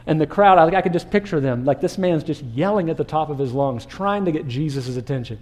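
Animated preaching man, mellow higher voice. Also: fairly quick, few pauses. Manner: animated, acts out crowd voices and rhetorical questions. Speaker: pastor. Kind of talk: sermon.

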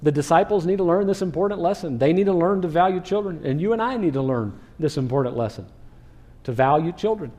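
A male pastor delivering a sermon in a dark, mellow voice that sits fairly high for a man. He preaches with animation and now and then acts out what people in the story say. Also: lively intonation, fast talker.

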